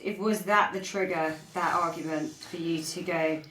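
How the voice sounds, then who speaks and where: A woman hosting a candid conversation, giving short affirmations and gentle probing questions. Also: fairly low pitch, steady tone, normal speed, roomy sound, distant mic, a little hiss or hum, rough recording. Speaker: podcast host. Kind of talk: supportive interviewing.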